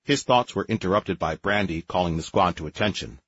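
A man reading an audiobook in scripted narration, lively and expressive. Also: low-pitched, a little fast, slightly rough, no room sound, highs cut off.

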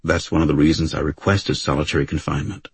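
A patient male defense lawyer, read by a man in a deep, husky voice. He speaks quietly and evenly, close and dry to the mic. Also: dry recording, exaggerated voice. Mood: gentle, measured. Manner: quiet, measured questioning.

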